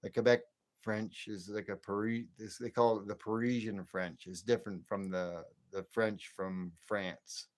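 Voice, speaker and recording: A man's voice: on the low side, fairly even intonation, a little slow. A man in his late fifties from the northern US near the Canadian border, chatting casually and rambling on a late-night livestream. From northern United States near the Canadian border. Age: 50s. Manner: rambling, chatty, chuckles to himself. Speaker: livestream host.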